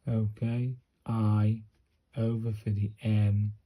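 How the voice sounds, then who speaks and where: Man, slow and husky, narrating his own penmanship drills in a casual mutter. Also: on the low side, level tone, narrow, tinny audio. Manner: slow, muttering step-by-step to himself and viewers. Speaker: handwriting practice vlogger. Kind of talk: casual narrated handwriting practice.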